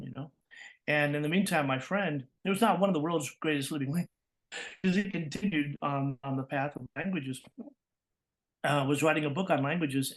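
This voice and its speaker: Animated man from California, higher voice. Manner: animated, laughs often, acts out quoted voices. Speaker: guest, voice actor. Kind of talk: interview storytelling.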